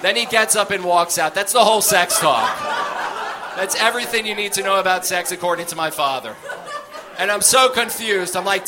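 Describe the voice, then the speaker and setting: A man's voice: high-pitched, moderate pace. A man telling a stand-up story on stage, acting out the voices of the people in it. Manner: animated, acts out voices in his story. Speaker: stand-up comedian.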